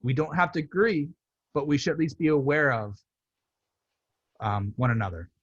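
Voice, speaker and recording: Guy chatting about his art on a video call, lively storyteller, dull dry audio. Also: fairly high pitch, moderate pace, husky, dry recording. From United States. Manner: animated storytelling, acts out quoted relatives. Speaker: artist. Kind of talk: virtual artist talk. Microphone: computer mic on video call.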